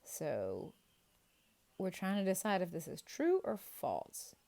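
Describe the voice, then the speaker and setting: Woman kids' teacher, lively playful quiz delivery, mellow low voice, slow and encouraging. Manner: playful, animated and encouraging, drawn-out answer reveals. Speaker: children's ministry teacher. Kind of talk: quiz review for kids.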